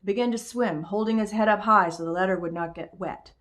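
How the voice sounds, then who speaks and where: A woman calmly reading a children's book aloud, in an expressive storyteller's voice. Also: medium pitch, fairly quick. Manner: calm, expressive read-aloud voice.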